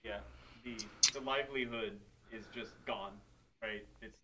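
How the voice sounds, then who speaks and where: A man's voice: medium pitch, measured pace, pushed and bright, distant mic, poor audio. A man co-hosting a livestream, chatting casually with dry jokes. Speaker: co-host.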